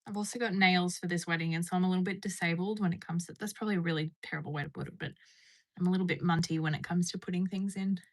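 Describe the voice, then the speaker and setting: A woman's voice: on the low side, steady tone, very fast. A woman chatting casually on a live stream from home, bubbly and answering her viewers. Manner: chatty, bubbly, reading and answering chat messages. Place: indoors at home.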